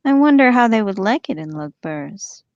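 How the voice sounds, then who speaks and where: A woman reading aloud and voicing a sly, evil male orc who speaks softly and sneers. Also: mid-range voice, very animated, moderate pace, no room sound, muffled recording. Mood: sneering. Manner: soft, sneering, menacing.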